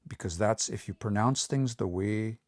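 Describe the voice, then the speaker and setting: A man teaching pronunciation on a livestream, repeating words slowly and coaching learners to say them out loud. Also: lowish voice, dry recording, clean studio sound. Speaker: language teacher.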